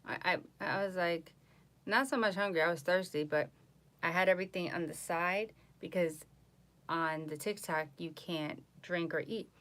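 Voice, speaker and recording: A woman tarot reader chatting casually on a live stream from home, boastful and animated, mocking others in voices. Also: lowish voice, moderate pace.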